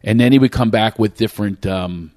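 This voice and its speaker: A man's voice: lowish voice, a little fast, darkish tone, dry recording, studio quality. A man, a comedian guest on a podcast, telling rambling stories in casual chat and often breaking off mid-sentence. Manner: rambling, self-interrupting storyteller who acts out other voices.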